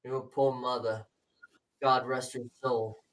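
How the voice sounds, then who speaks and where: A man's voice: mid-range voice, flat delivery, takes it slowly, far from the mic, close to an everyday voice, low-quality recording. A man playing a menacing older politician father. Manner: cold, menacing, lecturing. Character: stern scheming older male politician father.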